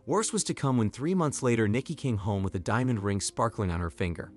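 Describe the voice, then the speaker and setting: A man narrating a scripted drama story in an expressive, even-paced reading. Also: medium pitch, brisk.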